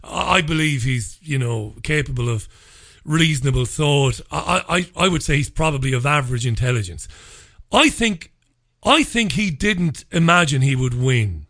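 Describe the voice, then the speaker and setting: A man's voice: on the high side, expressive, normal speed, gravelly, a bit bright. Earnest rambling male podcast host. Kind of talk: podcast conversation.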